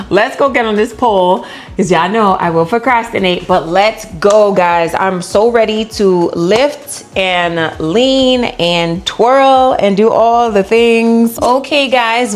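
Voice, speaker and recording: A woman talking casually to camera while she trains, chatty, and at times out of breath from moving. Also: mid-range voice. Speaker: vlogger. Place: home pole studio room.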